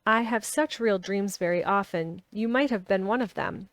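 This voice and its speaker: A gloomy, sickly young boy speaks in a fretful, complaining way from his bed, as a woman reads him aloud. The pitch sits in an ordinary middle range. The sound is dry, with no room echo. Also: moderate pace, lightly acted.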